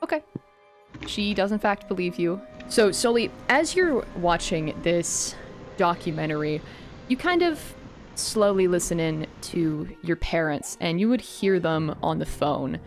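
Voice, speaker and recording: A woman running a tabletop role-playing game as game master, narrating in a gentle, measured way. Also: fairly low pitch, lively intonation, soft background music.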